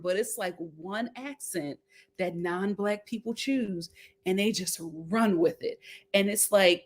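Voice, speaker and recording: A woman hosting a casual reality show recap, reading out viewer comments and repeating her lines for emphasis. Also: on the high side.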